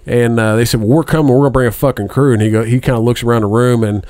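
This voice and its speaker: A man's voice: mid-range voice, fairly even intonation, racing, darkish tone, no room sound, studio quality. A middle-aged man telling a long profane story in a casual chat, rambling and laughing at his own tale.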